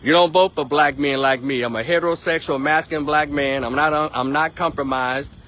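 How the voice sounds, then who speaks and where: A man's voice: fairly high pitch, fairly even intonation, normal speed, fairly bright tone, a little hiss or hum. A man giving a blunt, emphatic political monologue on a live stream, repeating his points.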